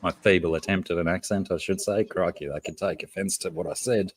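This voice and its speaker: A man's voice: low voice, steady tone, brisk, husky, rough recording. A man with an Australian accent, hosting a casual livestream and greeting chat viewers by name. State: has a headache. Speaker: livestream host.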